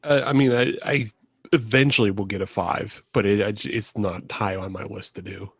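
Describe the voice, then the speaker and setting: A man speaking as a podcast guest in casual chat, hesitant and halting. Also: lowish voice, fairly even intonation, vocal fry, husky, no echo, studio quality.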